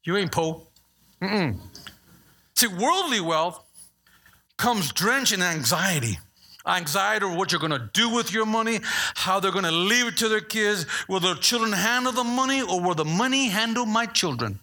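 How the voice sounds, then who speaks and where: A man's voice: sits high, normal speed. A middle-aged male pastor preaching a sermon, acting out voices and asking the congregation questions. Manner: animated, acts out voices, asks the congregation questions.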